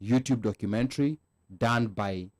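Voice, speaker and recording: A man's voice: fairly low pitch, moderate pace. A man from Kenya with a Nairobi accent, chatting casually on a panel show and reading out viewer comments, laughing often and restarting his sentences. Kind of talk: casual panel chat mixing English and Swahili.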